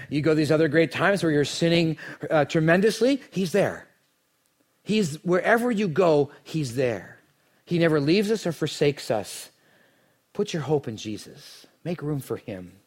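A man preaching a sermon, telling the story dramatically and swinging from hushed lines to near shouts. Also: fairly high pitch. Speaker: pastor.

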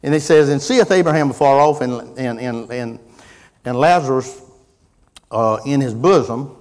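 A middle-aged man preaching a sermon, folksy in tone, moving from quiet musing to loud impassioned preaching. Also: medium pitch, normal speed, big-room sound. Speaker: pastor.

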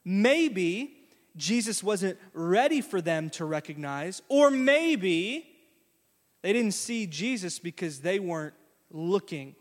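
A man preaching a sermon as pastor, folksy and conversational, acting out quotes in a lively way. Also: high-pitched, slow pace. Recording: long hall reverb.

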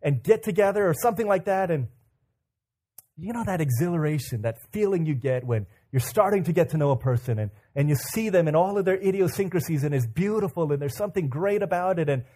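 Animated, higher-voiced man preaching. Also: brisk. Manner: animated storytelling, acting out inner thoughts; conversational, with many fillers and repeats. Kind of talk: sermon.

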